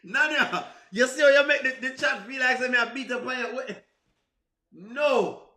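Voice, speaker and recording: A man's voice: very high-pitched, moderate pace, sharp tone, roomy sound. A man with a Jamaican accent chatting casually on a livestream, answering viewers, laughing often and exclaiming to himself. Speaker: livestream host.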